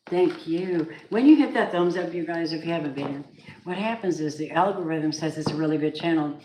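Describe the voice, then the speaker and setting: A woman giving a casual, excitable tarot reading, chatting to viewers and reacting with gasps and laughs. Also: sits low. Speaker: tarot reader. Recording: echoey room with faint noise.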